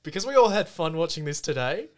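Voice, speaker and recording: A man's voice: on the high side, very animated, quick pace. A man, chatting casually about movies, laughing and swearing as he rambles. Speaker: podcast co-host. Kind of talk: casual chat reviewing movies.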